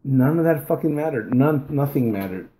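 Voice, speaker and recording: A man's voice: mid-range voice, animated, normal speed, a crowd in the background. A man chatting as a podcast guest, stumbling over repeated words and swearing often. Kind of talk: casual podcast chat.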